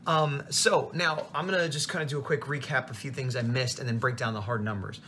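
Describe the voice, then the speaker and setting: A tired man, a comic artist, telling a rambling, animated story in a casual vlog. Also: medium pitch, fairly quick, a little hiss or hum. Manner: rambling, animated retelling with quoted voices.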